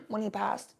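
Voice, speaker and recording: A woman's voice: a little high, creaky, husky. A young woman telling rambling, profane stories in a laid-back, casual chat with the odd cough. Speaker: vlogger.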